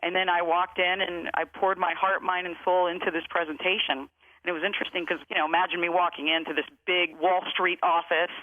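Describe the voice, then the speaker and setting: A woman telling her story as a guest, emphatic and motivational, slowing down to stress key phrases. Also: fairly low pitch, flat delivery. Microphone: phone. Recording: tinny phone line.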